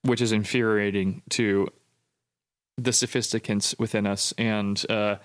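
A man's voice: lowish voice, flat delivery, a little slow. A man hosting a podcast, asking teasing questions and laughing often. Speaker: podcast host. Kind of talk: casual interview.

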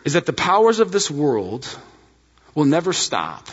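A man preaching a sermon, animated and emphatic, speaking directly to his congregation. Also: fairly high pitch, unhurried, slightly rough, in a large hall, dull audio. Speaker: pastor.

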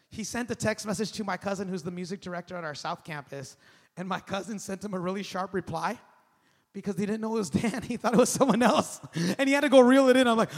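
A man in his thirties preaching a sermon as pastor, animated and conversational, calling on the congregation to respond. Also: high-pitched, brisk. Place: large church hall. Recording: long hall reverb.

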